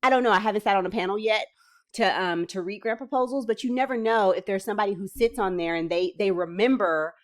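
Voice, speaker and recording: A woman reading out grant details and breaking in with chatty, excited commentary for her viewers. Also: mid-range voice, fast talker. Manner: enthusiastic, chatty asides, bursts of excitement. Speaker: small business funding vlogger.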